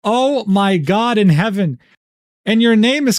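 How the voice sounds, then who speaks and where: Guy streaming, reading drama screenshots out loud, swears a lot, sarcastic, kinda high voice, dry close sound. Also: lively intonation, unhurried, dry recording. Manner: profane, exasperated, sarcastic asides; reads chat messages and screenshots aloud. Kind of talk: casual livestream commentary.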